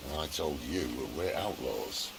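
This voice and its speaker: An actor playing a gruff, wry middle-aged outlaw leader in a video game, bantering dryly. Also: male voice, extremely low pitch, lively intonation, unhurried, noisy background, exaggerated voice. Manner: dry teasing banter. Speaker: game character.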